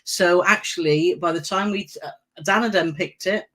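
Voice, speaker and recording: A woman's voice: fairly low pitch, normal speed, fairly bright tone. Chatty woman on a live stream. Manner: chatty, enthusiastic, reads out viewer comments. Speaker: travel vlog co-host. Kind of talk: casual live stream chat.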